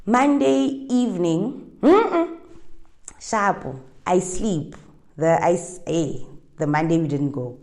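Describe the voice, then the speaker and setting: A woman's voice: on the low side, lively intonation, takes it slowly, a little mellow. A young woman with a South African accent telling a personal story in a chatty, winding way, dropping Setswana phrases into her English. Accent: South African, Setswana-speaking. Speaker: interviewee.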